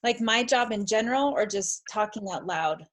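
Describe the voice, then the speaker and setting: A woman's voice: medium pitch, expressive, normal speed. A middle-aged woman confidence coach answering questions on a video call in an enthusiastic, encouraging, emphatic way.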